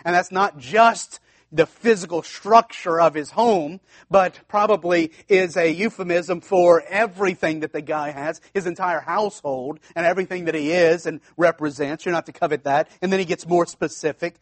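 A man delivers a sermon as pastor with a notably high voice, recorded dry with no room around it. He talks emphatically, repeating key phrases for weight and often restarting his sentences. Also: moderate pace, no echo.

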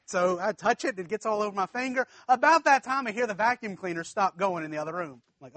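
A man's voice: sits high, expressive, fast, few pauses, a bit bright, dry recording. A man preaching a storytelling sermon, folksy and chuckling, talking straight to the congregation.

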